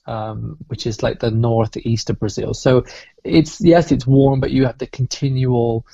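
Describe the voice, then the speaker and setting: A man talking casually as a podcast guest, with halting starts that settle into easy, enthusiastic chat. His voice is mellow and dark with a gravelly edge. The recording is dry and a little dull, like a lo-fi mic. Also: mid-range voice, fairly even intonation, dry recording. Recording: dull lo-fi sound.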